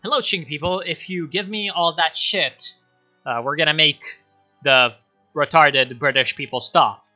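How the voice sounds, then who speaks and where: A smug, scheming diplomat, as a man puts him on in a sly, gloating tone. The voice sits a little high and is very bright. Faint music plays under a dull, lo-fi stream recording. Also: unhurried.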